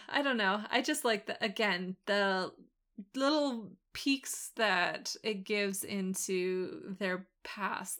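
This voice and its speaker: A woman co-hosting a podcast, chatting casually about a TV show in a relaxed, rambling way with frequent laughs. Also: medium pitch. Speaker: podcast co-host.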